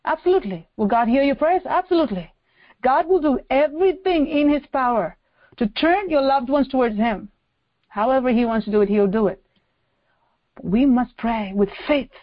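Female preacher, high register, insistent sermon delivery with repetition and rhetorical questions, muffled recording. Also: lively intonation, moderate pace. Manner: emphatic, repeats phrases and asks rhetorical questions.

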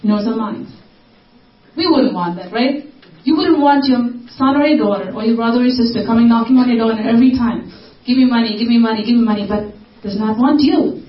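Female preacher, high voice, dramatic repeated lines; distant lo-fi recording. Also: normal speed. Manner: repeats phrases, acts out desperate cries. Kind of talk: sermon. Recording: echoey, distant, dull lo-fi recording.

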